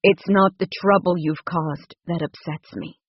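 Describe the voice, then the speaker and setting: A gruff young rancher, tender underneath, spoken low and hushed by a woman reading an audiobook. The voice is husky and slightly breathy. The audio sounds dull and dry. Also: fairly even intonation, a little slow, no room sound. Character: gruff protective male rancher, young adult.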